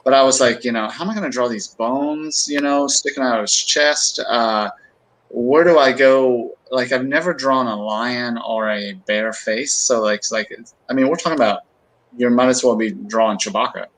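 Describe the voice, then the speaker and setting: Middle-aged guest on a livestream, chatty storyteller, loose and rambling. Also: male voice, medium pitch, normal speed, fairly bright tone, poor audio. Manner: rambling storyteller, many fillers and restarts. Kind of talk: casual livestream chat.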